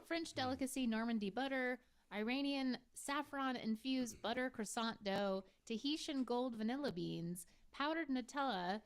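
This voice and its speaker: A woman off camera reading product descriptions in a brisk, informative way. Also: a little high, clean tone.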